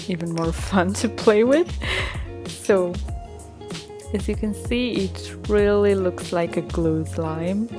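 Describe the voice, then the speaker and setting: Italian-accented woman vlogger, casual how-to voice-over, giggles often, faint music behind. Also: mid-range voice. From Italy. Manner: chatty, giggly, explains step by step. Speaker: slime-making vlogger. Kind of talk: casual tutorial narration.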